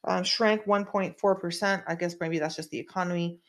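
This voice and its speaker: A woman's voice: fairly low pitch, steady tone, brisk. Brief: woman host, rambling conspiratorial commentary, lots of fillers, small room. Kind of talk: casual political commentary.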